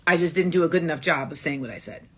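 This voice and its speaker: Low, husky and a bit bright, this woman's voice races along very fast as she hosts a casual livestream into her phone. She's blunt and emphatic, repeating herself again and again.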